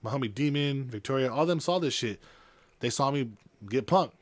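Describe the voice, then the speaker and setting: A young man telling rough stories in casual podcast chat, animated and profane. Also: mid-range voice, normal speed. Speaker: podcast guest.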